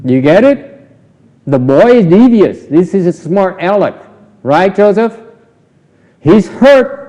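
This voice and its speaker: Dark-toned man teaching in a reverberant hall. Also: high voice, sing-song, slow, pauses often. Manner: teasing, repetitive, engages the audience. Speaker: Buddhist teacher. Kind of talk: Dharma lecture with audience questions. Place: temple lecture hall. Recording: dull audio with hall reverb.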